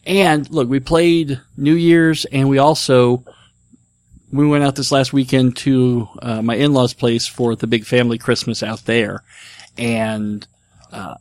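A man's voice: medium pitch, fairly even intonation, a little slow, dry recording. A middle-aged man hosting a casual chat, talking enthusiastically and rambling with fillers. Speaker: podcast host. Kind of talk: casual chat about board games.

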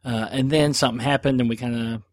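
Middle-aged male podcast host, rambling and self-deprecating, average pitch, dry close sound. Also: steady tone, fast, no room sound. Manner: rambling, chatty, self-deprecating, many fillers. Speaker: podcast host answering listener questions. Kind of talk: casual chat.

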